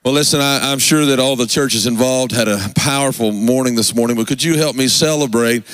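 A man's voice: medium pitch, brisk, a bit bright, clean tone, no echo. A man preaching a fervent revival sermon in a church, with call-and-response asides to the congregation. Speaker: pastor. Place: church sanctuary.

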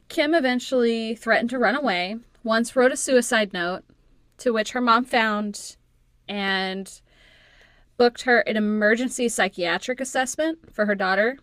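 A woman's voice: fairly high pitch, fairly bright tone, dry recording. A woman co-hosting a podcast, reading a true crime story with teasing, profane banter and frequent laughs. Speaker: podcast co-host.

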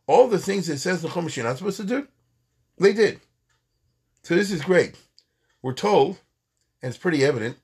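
A man giving an animated, conversational Torah lecture, acting out quoted lines. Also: mid-range voice, breathy edge. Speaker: Torah teacher.

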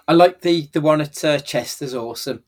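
A man co-hosting a casual film review chat, sweary and animated. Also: fairly high pitch, unhurried. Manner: sweary, animated, laughing often. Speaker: podcast co-host.

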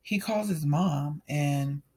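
A man's voice: a little high, slow pace, a little mellow, husky. Man telling a candid personal story. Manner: candid and emotional, speaks in loose run-on sentences. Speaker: storyteller sharing a personal testimony.

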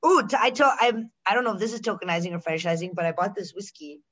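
Animated, swearing young American woman. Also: mid-range voice, fast talker, dull audio. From United States. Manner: animated, swearing, acts out quotes, laughs often. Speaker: guest, comedian and actress. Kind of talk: casual podcast chat.

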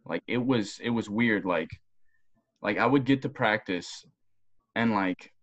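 A young man, a former college football player, telling long rambling stories in casual podcast talk, profane and animated. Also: fairly low pitch, a little slow. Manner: rambling, profane, animated storytelling with voiced quotes.

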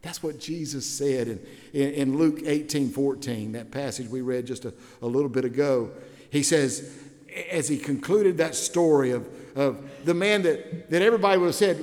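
A middle-aged man preaching a sermon as pastor, telling stories and swinging from hushed prayer to loud exclamations. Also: mid-range voice, moderate pace. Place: church sanctuary. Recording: long hall reverb in a church.

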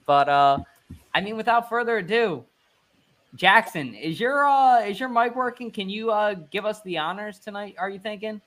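A man hosting a live fan stream, upbeat and energetic. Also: high-pitched, moderate pace. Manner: hyped, energetic delivery.

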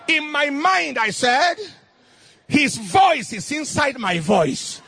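A middle-aged man preaching a fervent sermon in King James cadence, rising into shouted bursts. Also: very high voice, expressive, takes it slowly, vocal fry.

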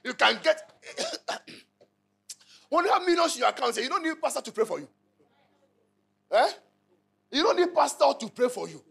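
A man's voice: very high-pitched, big pitch swings, moderate pace, gravelly, long pauses, a bit bright. A male pastor with a Ghanaian accent preaching a sermon in an emphatic, repetitive style, often calling out to the congregation and repeating lines. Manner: repetitive, call-and-response, emphatic.

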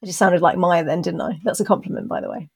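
A woman's voice: fairly low pitch, fast, gravelly, darkish tone, husky. Dry-humored woman podcast co-host. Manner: dry, self-deprecating humor; thoughtful, explains her views at length. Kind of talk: casual chat reviewing a TV episode.

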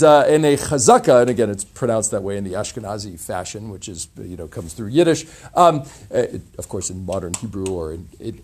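A man teaching an informal class on a religious text, talking in a halting, chatty way with many restarts. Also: mid-range voice, darkish tone, slightly rough. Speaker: teacher leading a Mishnah class.

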